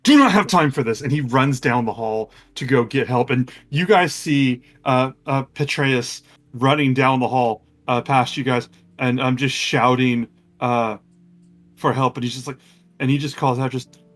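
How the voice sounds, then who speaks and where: A man narrating a tabletop game as game master, talking in a halting way full of ums and restarts. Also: mid-range voice, steady tone.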